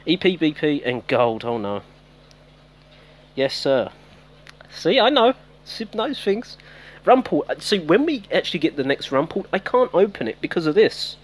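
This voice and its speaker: A man's voice: on the high side, very animated, moderate pace. A man giving casual live-stream commentary on a mobile game, chatting with viewers by name. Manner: chatty, talks to viewers by name, self-teasing.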